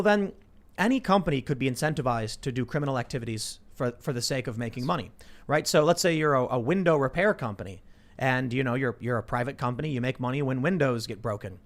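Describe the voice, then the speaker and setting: A man in his thirties hosting a casual political talk show, reading news aloud and riffing with lots of restarts. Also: medium pitch. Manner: animated, reads news aloud then riffs with restarts. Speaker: podcast host.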